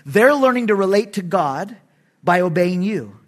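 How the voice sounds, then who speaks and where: A middle-aged man, a pastor preaching a sermon in an animated, emphatic way, with sudden loud bursts. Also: sits high, unhurried.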